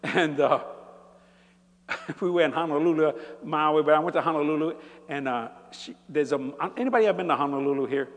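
Older male preacher, high voice, hall reverb. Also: a little fast. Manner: animated, building to shouts, folksy humor. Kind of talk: sermon. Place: large church.

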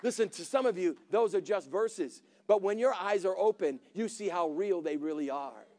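Brief: male preacher, very high voice, animated storytelling sermon with calls to the congregation. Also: moderate pace.

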